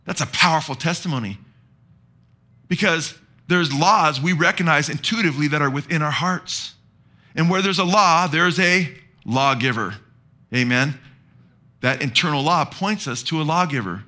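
A man preaching a sermon with a bright, forceful voice that sits a little high. He keeps throwing questions out to the congregation and waiting for them to finish his lines. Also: lively intonation, moderate pace, long pauses. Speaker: pastor.

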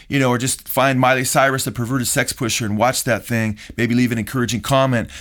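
A man's voice: mid-range voice, fairly bright tone. A middle-aged man, a pastor hosting a radio talk show, preaching emphatically and calling his listeners folks.

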